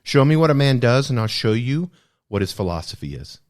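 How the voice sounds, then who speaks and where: A man's voice: medium pitch, very animated, fairly quick. A man hosting a podcast, discussing a self-help book in an earnest, reflective way and repeating key phrases for emphasis. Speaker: podcast host.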